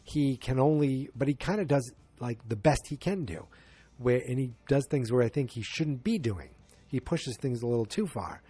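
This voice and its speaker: With a mellow, breathy, medium-pitched voice, this man talks expressively at a moderate pace on his podcast. His casual movie review wanders through the plot as he corrects himself often and performs the characters' lines.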